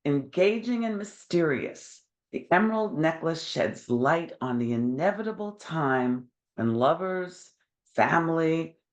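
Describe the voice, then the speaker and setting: A woman's voice: low voice, expressive, unhurried. A woman with a New York accent hosting a podcast, chatty and enthusiastic, laughing often. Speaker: podcast host. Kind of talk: casual interview chat.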